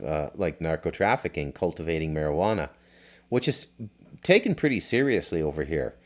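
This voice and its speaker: A middle-aged man hosting a podcast, telling loose, rambling stories with lots of fillers and restarts. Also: deep voice. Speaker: podcast host. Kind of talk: casual storytelling.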